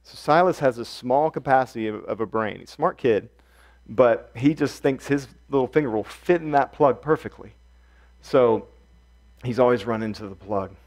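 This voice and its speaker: This pastor's voice sits at medium pitch and keeps a moderate pace. Delivering a heartfelt sermon, he circles back to key phrases, dropping to soft whispers before rising to forceful, loud emphasis.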